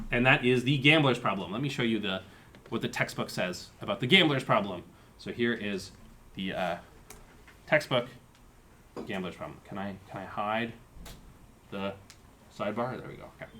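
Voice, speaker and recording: A man's voice: mid-range voice, a little fast, long pauses, sharp tone, a little hiss or hum. Guy lecturing a class, walks through each term, lots of uhs and restarts. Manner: explains terms step by step, thinking aloud with fillers. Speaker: university lecturer. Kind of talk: live-coded lecture.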